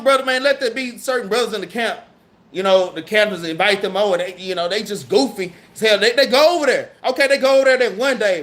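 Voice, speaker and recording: A man with a Southern US accent teaching a scripture class in a casual, slangy way, reading verses slowly and then explaining them. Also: high-pitched, a bit bright.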